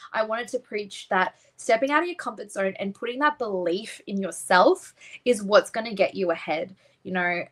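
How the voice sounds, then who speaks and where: A young Australian woman with a mid-range, slightly bright voice is heard on a rough recording. She's a pageant winner appearing as an interview guest, and she talks earnestly, heartfelt and rambling, at length in a casual chat.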